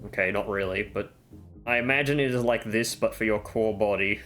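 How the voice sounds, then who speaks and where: A man's voice: fairly low pitch, fairly even intonation, a little fast, fairly bright tone, soft background music. A man giving casual gameplay commentary at home, chatting through game tips with offhand self-mocking jokes. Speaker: gaming video creator. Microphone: desk microphone.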